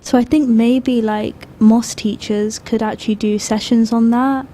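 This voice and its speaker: A woman's voice: on the high side, steady tone, a little slow, warm tone, a little hiss or hum. A young woman co-hosting a youth radio discussion, speaking hesitantly with many fillers into a studio microphone. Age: young adult.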